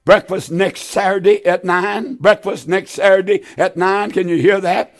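A man's voice: sits high, fairly even intonation, normal speed. A man preaching a televised sermon, pleading fervently with his listeners and repeating his appeals over and over. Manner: fervent, pleading, repetitive exhortation.

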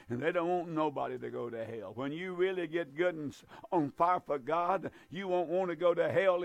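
A man preaching a fervent sermon, emphatic and repetitive, with drawn-out stresses. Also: fairly high pitch, creaky, dry recording.

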